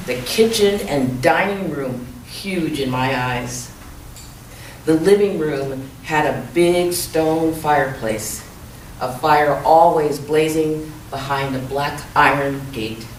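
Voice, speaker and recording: A woman author reading a chapter of her young adult novel aloud at a measured, soft-spoken pace. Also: sits low, slight background noise. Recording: echoey room, mic far off.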